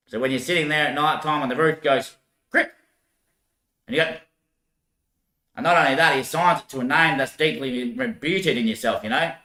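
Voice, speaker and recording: A man's voice: medium pitch, normal speed, pauses often, sharp tone, reverberant. A man rambling through a loose monologue, often laughing and swearing.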